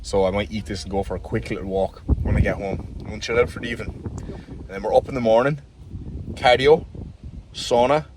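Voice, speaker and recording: A man's voice: lowish voice, steady tone, a little fast, noisy background. A man with an Irish accent who coaches fitness, chatting casually and upbeat in a vlog and swearing freely. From Ireland. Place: car, home and outdoors.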